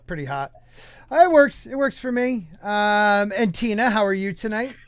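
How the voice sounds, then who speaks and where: A man's voice: sits high, animated, moderate pace, clean tone, no echo. A man hosting a livestream podcast, joking around and reading out viewer chat in a rambling, casual way. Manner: jokey, rambling, reads chat aloud. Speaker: podcast host.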